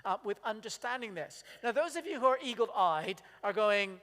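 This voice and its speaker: A pastor delivers a sermon in an easy, chatty way, repeatedly asking his congregation questions and acting out little quotes. His high-pitched, expressive voice is pushed and bright at a normal speed, ringing with a church hall's long reverb.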